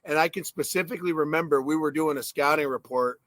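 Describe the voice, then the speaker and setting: Bright-voiced former ballplayer, animated. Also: male voice, on the high side, fast talker, no echo. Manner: animated storytelling with swearing and laughs. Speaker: podcast co-host, former ballplayer. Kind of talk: casual sports chat.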